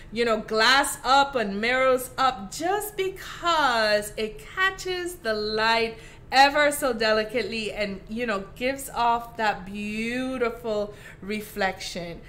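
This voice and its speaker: A woman's voice: on the high side, pushed and bright, a little hiss or hum. A woman with a Caribbean accent hosting a live craft tutorial, chatty and affectionate with her viewers. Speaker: craft host.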